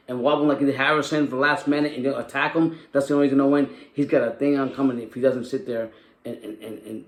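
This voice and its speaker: A man co-hosting a boxing show in casual chat, talking haltingly with lots of fillers and repeated words. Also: medium pitch, a bit bright, roomy sound. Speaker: co-host. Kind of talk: casual fight breakdown.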